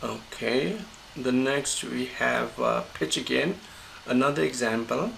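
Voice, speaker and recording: Gravelly man teaching pronunciation. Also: mid-range voice, fairly bright tone, slight background noise, low-quality recording. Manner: halting, many fillers and restarts. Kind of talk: screen-recorded lecture.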